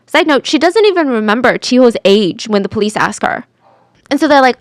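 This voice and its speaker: A woman's voice: fairly high pitch, a little fast, no echo, clean studio sound. Chatty woman telling a crime story. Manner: chatty, animated, drops to whispers for drama. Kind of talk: casual true crime storytelling.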